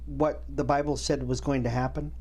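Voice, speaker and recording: A man's voice: mid-range voice, normal speed. A man co-hosting a faith and culture talk show, chatting casually and acting out other people's words, with frequent restarts. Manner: animated, acts out quotes, many restarts. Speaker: co-host. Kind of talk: casual chat about faith and current events.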